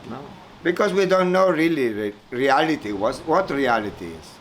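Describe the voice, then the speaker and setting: A man giving a spiritual talk at a retreat, telling a folk story slowly and haltingly, searching for words and chuckling as he goes. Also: mid-range voice, very animated, a little hiss or hum, low-quality recording. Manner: halting, searching for words, many fillers and repeats. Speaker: spiritual teacher speaking at a retreat.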